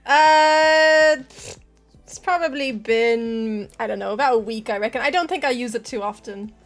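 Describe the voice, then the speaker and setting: A woman playing a tabletop game in a playful, unhurried way. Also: on the high side, soft background music. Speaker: player. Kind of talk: tabletop role-play.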